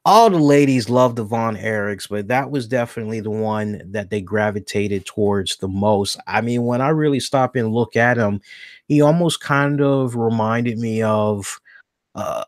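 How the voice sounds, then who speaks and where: A man hosting a solo podcast, rambling along in casual talk and stopping now and then to correct himself. His voice sits at an ordinary middle pitch. The recording is dry and close, with no room sound. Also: dry recording. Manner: rambling, self-correcting, thinks aloud. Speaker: podcast host.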